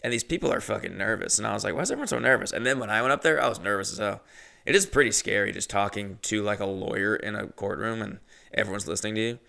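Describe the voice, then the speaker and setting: A man tells a story in a casual, rambling way, swearing often and joking along. His voice is gravelly yet resonant and smooth. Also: lowish voice, fast talker, pushed and bright. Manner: profane, rambling and jokey. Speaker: podcast host telling a story.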